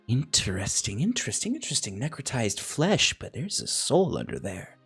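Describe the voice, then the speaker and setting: A man's voice: medium pitch, very animated, moderate pace, creaky, fairly bright tone, breathy edge, faint music behind, pitched above the performer's own voice, full character voice. A man voicing a tiny, curious, old fey mouse woman who muses aloud and repeats her words.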